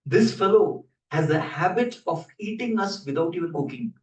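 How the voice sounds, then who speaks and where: A man's voice: high voice, animated, normal speed, darkish tone. A band of worried gods begging for help, as a male preacher speaks for them, urgent and pleading. The voice sounds distant and bounces around a large room. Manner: pleading, anxious. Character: pleading group of anxious gods. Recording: roomy hall, voice from a distance.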